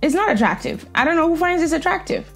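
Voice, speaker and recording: A woman's voice: very high-pitched, expressive, quick pace, soft background music. Opinionated woman giving blunt commentary. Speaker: reaction vlogger. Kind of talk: casual commentary.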